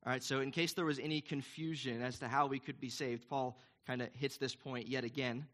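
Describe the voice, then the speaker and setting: A man's voice: medium pitch, steady tone, brisk, a bit bright. A man preaching a sermon in an earnest, emphatic, conversational way, asking the congregation questions. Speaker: pastor.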